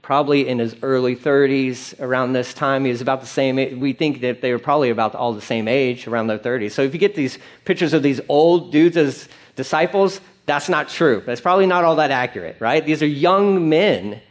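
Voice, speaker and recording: A male pastor preaching a sermon in an animated, conversational way, with frequent fillers. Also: medium pitch, a little fast, few pauses.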